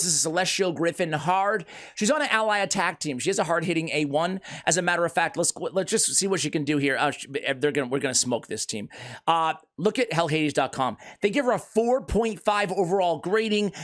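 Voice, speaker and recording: A man hosting a gaming video, giving casual, excitable commentary on a character build and fights, joking at his own expense. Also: on the high side. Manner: excitable, jokey, self-mocking.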